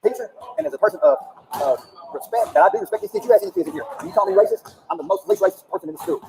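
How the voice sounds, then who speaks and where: A man's voice: high-pitched, huge pitch swings, rapid-fire, vocal fry, noisy background. A man in his fifties, a PE teacher, insistently explaining himself over and over in an argument with a student. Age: 50s.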